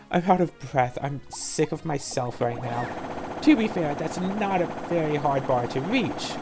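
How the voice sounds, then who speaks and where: A woman hosting a let's-play who rants in an animated, sarcastic way. Her voice sits fairly low but swings widely in pitch as she talks. Faint game music plays softly behind her. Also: normal speed. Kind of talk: casual gameplay commentary.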